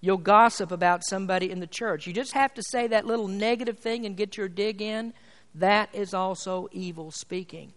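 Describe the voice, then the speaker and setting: A man preaching a sermon in a church, emphatic, swinging between loud and quiet. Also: sits high, normal speed. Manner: emphatic, rises and falls in volume. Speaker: pastor. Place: church sanctuary. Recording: long hall reverb.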